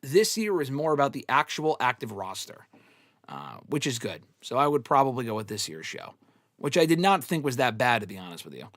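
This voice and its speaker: A man's voice: mid-range voice, sing-song, brisk, a bit bright, no echo. Blunt, swearing man on a dry mic. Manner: blunt and opinionated, swears often. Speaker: wrestling podcast host answering fan questions. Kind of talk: casual live Q&A commentary.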